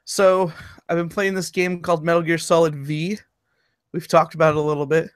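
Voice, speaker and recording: A man's voice: on the high side, little pitch movement, fairly quick, smooth, no echo. A man co-hosting a casual gaming podcast, laid-back with dry teasing. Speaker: podcast co-host.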